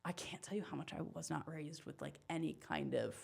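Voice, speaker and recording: A woman from Pennsylvania, a comedian guest on a podcast, talking casually in a quick, joking, self-deprecating way. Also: deep voice, vocal fry, a little mellow, slightly rough.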